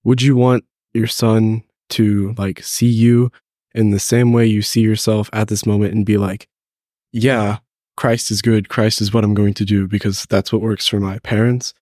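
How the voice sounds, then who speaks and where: A man's voice: on the low side, little pitch movement, normal speed, darkish tone, no echo, studio quality. Congested teenage boy, thoughtful. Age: teens. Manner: thoughtful, hesitant. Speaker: guest, host's son. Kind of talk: casual faith podcast conversation.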